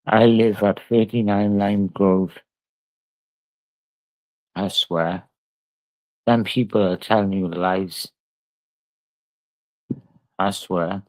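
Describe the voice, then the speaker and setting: A man's voice: on the low side, fairly even intonation, very slow, long pauses, a little mellow, no room sound, low-quality recording. A drunk man, ranting on a livestream in a profane, rambling and repetitive way. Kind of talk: angry livestream rant.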